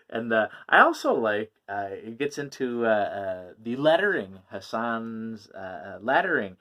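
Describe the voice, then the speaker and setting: A man's voice: fairly low pitch, sing-song, measured pace, muffled recording. Rambling man reviewing comics. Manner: rambling, many fillers and laughs. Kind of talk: casual chat.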